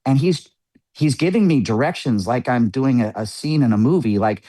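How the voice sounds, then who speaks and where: Speaking at a moderate pace with lively intonation, this middle-aged musician tells a personal story as a guest on a podcast. His medium-pitched voice is mellow and recorded without echo. The candid interview storytelling is earnest, reflective, and chatty, full of fillers.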